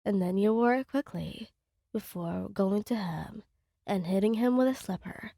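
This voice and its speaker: A woman reading her own fan fiction story aloud in a soft, unhurried storytelling manner, sometimes close to a whisper. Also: medium pitch, expressive, creaky, no room sound.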